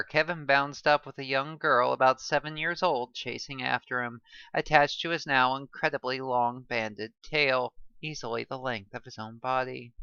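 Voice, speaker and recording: A woman reading a first-person novel aloud in a calm, even storytelling manner. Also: rumbling low, clean tone, dry recording, highs cut off. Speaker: story reader.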